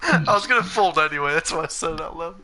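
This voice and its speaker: Young guy gaming w friends, laid back, gets defensive when teased, kinda high voice. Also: heavy background noise. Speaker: co-player. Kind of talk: casual gaming chat.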